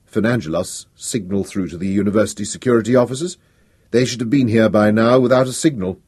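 A man narrating a story in an expressive, dramatic storytelling style. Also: lowish voice, normal speed, breathy edge. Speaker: audiobook narrator. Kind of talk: scripted narration.

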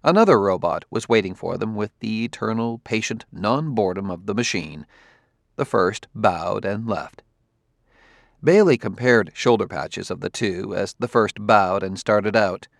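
Audiobook narrator: man, low, gravelly, dry close sound, even delivery. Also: measured pace, no room sound.

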